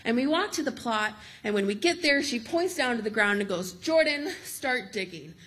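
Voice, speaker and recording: A woman telling a true story on stage in a lively, amused, conversational way. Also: fairly high pitch, fairly quick.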